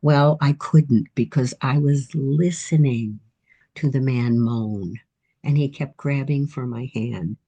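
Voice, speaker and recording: Husky-voiced woman in her eighties. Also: very deep voice, takes it slowly, dark tone, muffled recording. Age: 80s. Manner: reflective, encouraging, storytelling. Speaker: author guest. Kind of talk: casual interview storytelling.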